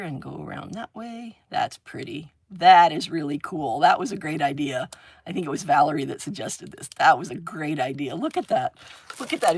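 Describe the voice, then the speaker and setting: A woman's voice: low voice, creaky, breathy edge. Chatty, laughing woman hosting a craft livestream. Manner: chatty, rambling, laughs often, hums sound effects while drawing. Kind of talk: casual chat while crafting.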